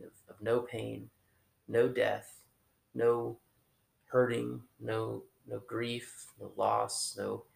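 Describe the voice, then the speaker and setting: Casting: male preacher with a strong gravelly rasp, informal and halting, full of restarts. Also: medium pitch, reverberant. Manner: conversational, halting, many restarts and fillers. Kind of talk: informal sermon.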